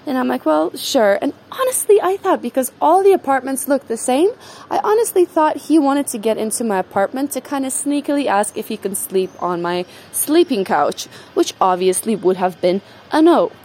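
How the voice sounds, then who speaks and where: A woman's voice: high-pitched, lively intonation, moderate pace, a little mellow. A woman telling a story in a casual, chatty way, swearing freely and filling her speech with "like" and "um". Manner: frequent fillers like "like" and "um". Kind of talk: casual spoken anecdote.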